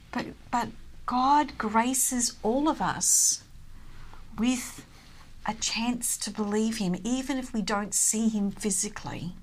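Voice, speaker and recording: Female guest, unhurried, earnest personal reflection. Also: medium pitch, a bit bright. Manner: earnest, personal, speaks of her own faith. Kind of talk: devotional conversation.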